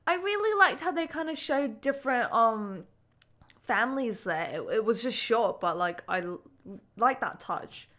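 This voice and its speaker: A woman's voice: a little high, expressive, measured pace, sharp tone. A young woman reacting live to an anime, emotional and casual, swearing often and saying "like" a lot. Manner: emotional, swearing, frequent "like" fillers.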